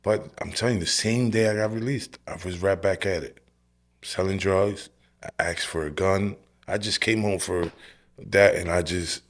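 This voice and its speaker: A man in his forties giving his personal testimony as a podcast guest, telling it in a streetwise, animated way. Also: sits low, moderate pace. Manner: animated storytelling, acting out his own past lines; streetwise, direct, says "bro" and "yo".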